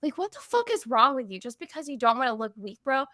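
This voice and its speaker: A woman's voice: high-pitched, sing-song, fast talker, bright, forceful tone, no echo, studio quality. Fired-up woman podcast co-host. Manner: heated venting, swearing. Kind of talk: casual book discussion.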